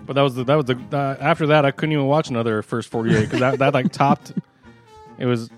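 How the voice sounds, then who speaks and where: A man's voice: mid-range voice, steady tone, quick pace, soft background music. A man co-hosting a podcast, telling a story in casual chat, rambling and often laughing. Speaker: podcast co-host.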